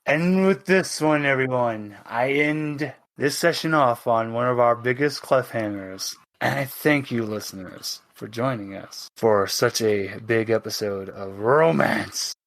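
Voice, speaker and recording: Bright-voiced man running a tabletop game. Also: mid-range voice, unhurried, gravelly, hardly any pauses. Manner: dramatic, playful storytelling. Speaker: game master.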